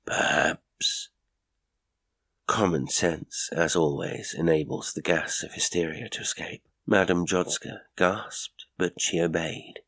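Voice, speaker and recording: Low, gravelly male narrator for a ghost story, measured, dry close recording. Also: steady tone, a bit bright, no room sound. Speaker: audiobook narrator.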